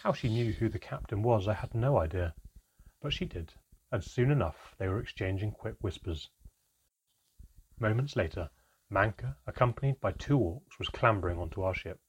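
A man narrating a first-person adventure story in a measured, reflective manner. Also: on the low side, animated, a little hiss or hum.

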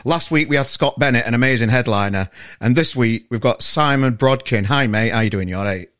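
A man's voice: medium pitch, brisk, a bit bright, dry recording. A man with a Sheffield accent, hosting a casual podcast interview over a video call from his bedroom, chatty and matey with frequent stumbles and restarts. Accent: Northern English, Sheffield. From Sheffield, England. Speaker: podcast host. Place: bedroom at home. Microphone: online video call.

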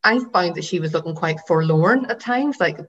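A woman's voice: lowish voice, lively intonation, moderate pace, dull audio. A woman co-hosting a podcast in casual chat, rambling with lots of fillers and the odd swear word. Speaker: podcast co-host.

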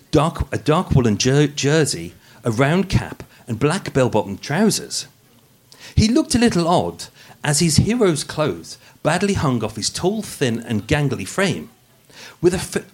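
A man with a Birmingham accent hosting a live true-crime podcast, narrating with jokes and frequent stumbles over words. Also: mid-range voice. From England. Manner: jokey, self-deprecating, stumbles over words. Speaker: podcast host. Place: room with a live audience.

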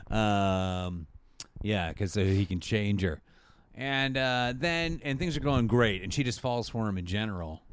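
A man's voice: lowish voice, expressive, slow. A young adult man in casual chat, recapping a movie with frequent laughter and jokey put-on voices for the characters. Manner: laughs often, mimics characters in exaggerated voices. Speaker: podcast co-host recapping a movie.

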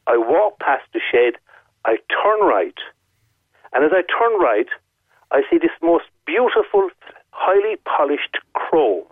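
Irish man, caller on a phone-in, fairly high voice, vivid and detailed storytelling, thin phone-line sound. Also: big pitch swings, a little slow, no echo. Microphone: telephone.

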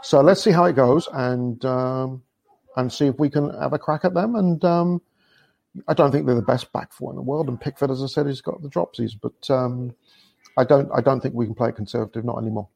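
A man talking casually about football as a podcast guest, chatty and quick to laugh, often restarting his sentences. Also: mid-range voice, vocal fry, darkish tone, dry recording. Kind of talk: casual chat.

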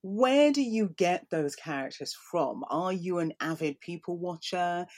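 A woman's voice: fairly low pitch, expressive, unhurried. A woman interviewing a poet, asking curious, probing questions.

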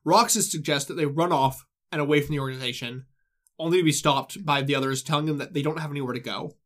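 Give me a man with a slightly high voice, hosting a relaxed podcast and quickly retelling a story. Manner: quick, loose retelling with fillers and swearing. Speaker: host. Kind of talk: casual chat, recapping a game story.

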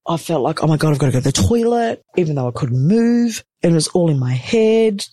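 A woman telling a personal story in a casual, animated way, acting out what everyone said and swearing freely. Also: low voice, brisk, no echo. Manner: animated, acts out the other people's lines.

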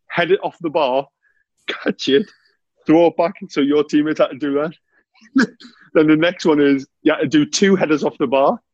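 Recorded dry and close, with dull audio, a medium-pitched man in his 30s, a former footballer guest, shares animated, laughter-filled stories from the dressing room in a casual chat, peppered with plenty of "mate."

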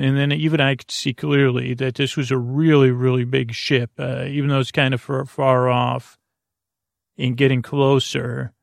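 A man tells an improvised story in a rambling, conversational way, speaking straight to the listener as a pen pal. His voice is mid-pitched with a gravelly edge. The sound is dry, with no room echo. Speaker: storyteller host.

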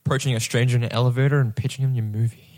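A man's voice: medium pitch, fairly even intonation, very fast, a little mellow, low-quality recording. A man co-hosting a casual film podcast, dropping dry joking asides. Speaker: podcast co-host.

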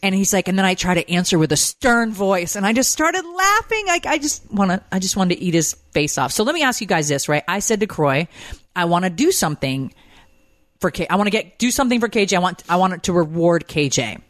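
Woman in her 30s chatting on a podcast, animated storyteller, dry close sound. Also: lowish voice, brisk, dry recording. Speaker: podcast co-host. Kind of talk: casual chat.

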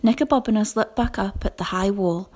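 A woman teacher reading a children's story aloud, lively and expressive. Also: medium pitch, a little fast. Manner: lively expressive reading with whispered character lines.

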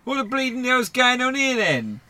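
A man voicing a brash, nosy male busybody who taunts loudly with cockney slang in a comedy podcast sketch. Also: very high voice, big pitch swings, moderate pace, voice pushed up, heavily acted. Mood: gleeful taunting.

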